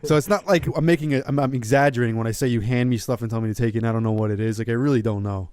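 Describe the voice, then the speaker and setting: A man's voice: mid-range voice, fairly even intonation, very fast, darkish tone, clean tone, dry recording, studio quality. A man with a New York accent co-hosting a fitness podcast, laid-back and joking in casual chat. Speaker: podcast co-host.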